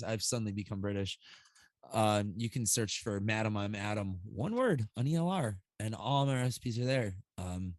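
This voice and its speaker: A man's voice: fairly low pitch, lively intonation, normal speed, darkish tone, no room sound. A man co-hosting a casual livestream, talking loosely and profanely and laughing often. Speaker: livestream co-host mixing e-liquids.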